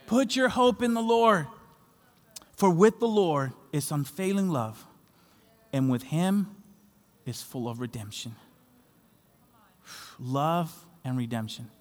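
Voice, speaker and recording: Pastor, man from Latin America, higher voice, impassioned sermon delivery, long hall echo. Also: lively intonation, unhurried. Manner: passionate preaching, rising to shouts on key phrases.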